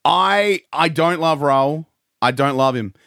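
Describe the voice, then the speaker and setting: A man in an improvised comedy chat, giggly and animated. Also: on the high side, slow, gravelly, clear, resonant tone, dry recording, clean studio sound.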